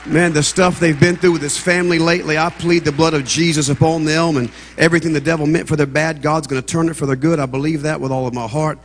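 A man's voice: on the high side, fairly even intonation, fast, hardly any pauses, some chatter behind, a little hiss or hum. A man with a Southern American accent, preaching as a guest speaker in a church, joking with the congregation before building into fervent preaching. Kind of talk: humorous sermon opening. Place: church sanctuary. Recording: long church reverb.

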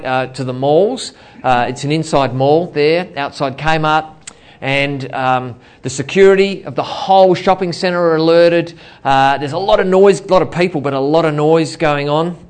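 A middle-aged man preaching a sermon in a church, telling a personal story with many fillers and restarts. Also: on the high side. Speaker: pastor.

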